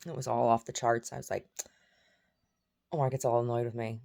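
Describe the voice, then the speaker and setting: Rambling chatty woman with gravelly voice. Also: very deep voice, level tone, fairly quick, warm tone. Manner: rambling, chatty, jumping between topics. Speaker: vlogger. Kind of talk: casual chat.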